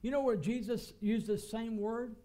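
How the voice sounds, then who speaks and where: A pastor preaching a sermon with emphatic, repeated phrases. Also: male voice, very high-pitched, fairly even intonation, normal speed, dark tone. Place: church.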